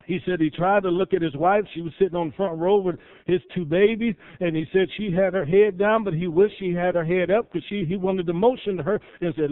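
A man's voice: high voice, no room sound. Preacher man telling a story, tinny sound. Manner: builds to loud fervent climaxes, drawn-out emphatic phrases. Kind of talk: sermon storytelling.

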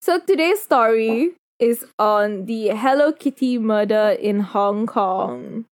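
A young woman hosts a casual podcast in a slightly high voice, recorded close and dry. She is playful and self-mocking with her friends before settling into telling the story. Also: slow pace, dry recording. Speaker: podcast host. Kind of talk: casual chat, telling a true crime story.

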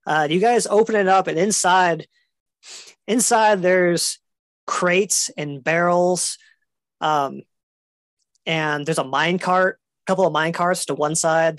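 Woman game master, low-pitched, easygoing narration with fillers. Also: takes it slowly, dry recording. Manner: relaxed, hesitant with fillers.

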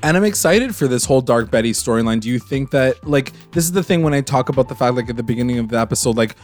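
A young man co-hosting a casual recap podcast, talking fast and loosely, swearing and acting out characters' lines. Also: medium pitch, lively intonation, a little mellow, faint music behind. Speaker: podcast co-host.

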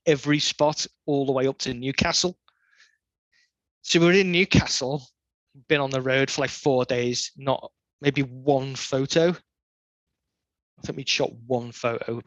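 Man, middle-aged, casual storytelling, animated, swears a lot, dry sound. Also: medium pitch, no room sound. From Liverpool, England. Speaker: podcast guest, skate photographer.

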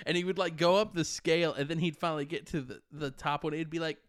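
Chatty man with a higher voice. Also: fast, no room sound, clean studio sound. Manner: animated storyteller, laughs often. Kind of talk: casual chat.

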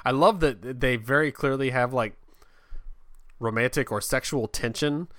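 A man's voice: mid-range voice, a little slow, fairly bright tone, no room sound. Chatty guy co-hosting a podcast, stumbles into sentences, dry close sound. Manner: chatty, repeats words when starting sentences. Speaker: podcast co-host. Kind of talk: casual wrestling chat.

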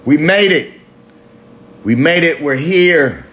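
A man's voice: a little high, expressive, slow, pauses often, a bit bright. A man hosting a live recovery talk show, talking loosely and profanely in a confessional monologue, sometimes drawing out his words. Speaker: podcast host.

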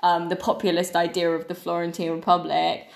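A tipsy woman chatting as a podcast co-host, halting with many fillers and restarts. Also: on the low side, monotone, creaky. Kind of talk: casual chat. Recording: echoey room.

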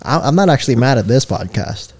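A young man co-hosting a podcast in casual chat, teasing his friend and laughing loudly. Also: medium pitch, very animated, brisk. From Filipino heritage. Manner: teasing, goofy, loud laughs. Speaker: podcast co-host.

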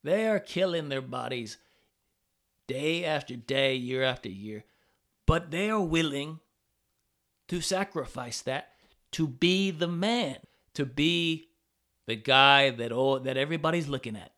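A man's voice: medium pitch, measured pace, long pauses, a bit bright. A man hosting a podcast, talking in a rambling, profane casual monologue with many restarts. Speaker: podcast host.

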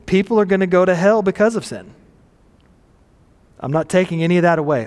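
Pastor, male, high tenor, casual sermon delivery with questions to the crowd, long hall reverb. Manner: conversational, self-deprecating, asks the audience questions.

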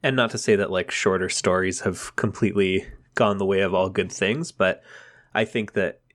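A man's voice: sits low, fairly even intonation, normal speed, a bit bright. A man co-hosting a podcast, talking through comic publishing trends in an articulate, analytical way with fillers and dry humor. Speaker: podcast co-host. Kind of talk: casual comic book discussion.

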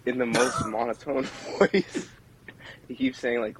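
A young man co-hosting a podcast in casual chat, laid-back and drawn-out, with lots of "like". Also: medium pitch, steady tone, slight background noise, rough recording. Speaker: podcast co-host.

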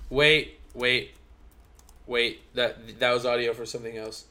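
A man's voice: medium pitch, level tone, measured pace, pushed and bright. A tipsy man co-hosting a podcast in casual chat, rambling, swearing and saying "like" constantly. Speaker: podcast co-host.

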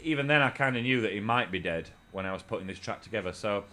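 A man's voice: fairly low pitch, animated, fast talker, sharp tone. A man hosting a radio show, telling a rambling, profane anecdote with frequent restarts. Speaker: radio host. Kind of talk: casual anecdote on air.

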